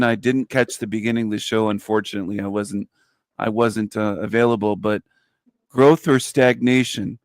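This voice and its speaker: A man's voice: mid-range voice, gravelly, dry recording. A man joining a livestream panel as a guest, teasing and laughing in casual chat.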